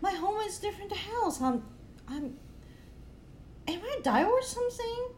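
A woman playing in a tabletop role-play game, speaking hesitantly and haltingly with non-native grammar. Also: very high-pitched, very animated, a little mellow, slight background noise. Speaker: player.

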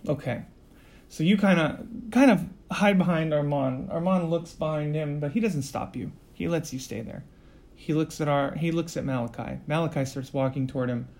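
A man narrating a tabletop role-play game as game master, with a fairly high pitch for a man. He talks casually and loosely, using relaxed fillers as he describes the scene. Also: normal speed.

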